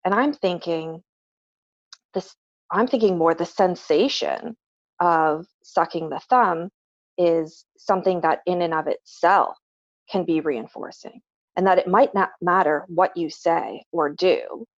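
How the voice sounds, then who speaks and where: A woman's voice: on the low side, unhurried, no echo. A woman working as a behavior analyst, explaining patiently with everyday examples in a casual podcast chat. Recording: dull, slightly lo-fi dry recording.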